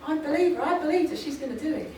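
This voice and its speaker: A woman's voice: high-pitched, fast, a little mellow. A woman giving an emphatic motivational talk on stage, repeating her points and laughing often. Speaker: motivational speaker. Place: large conference hall, on stage. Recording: echoey hall from far off, noisy.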